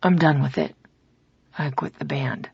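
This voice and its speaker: A woman voicing a brooding young male musician who speaks softly and low in a romance audiobook. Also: measured pace, gravelly, husky, dry recording, highs cut off, heavily acted. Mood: hushed tender. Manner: hushed, low and tender.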